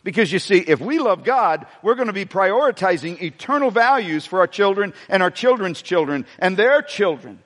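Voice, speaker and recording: A man delivers a sermon in a high, ringing voice, circling back over his words and calling out to the congregation. The sound carries a long reverb from a large church sanctuary. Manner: animated preaching with repetitions and asides to the congregation. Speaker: pastor.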